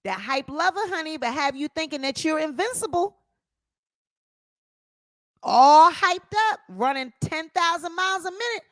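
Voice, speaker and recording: A woman's voice: high-pitched, animated, fairly quick, few pauses, fairly bright tone, no room sound. A woman hosting her own channel, giving sassy, opinionated celebrity gossip commentary and calling her viewers honey.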